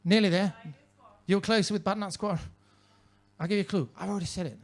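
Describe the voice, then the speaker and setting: A man's voice: sits high, steady tone, fast talker. A male stand-up comedian performing in a comedy club with a mannered, theatrical, droll delivery into a handheld mic.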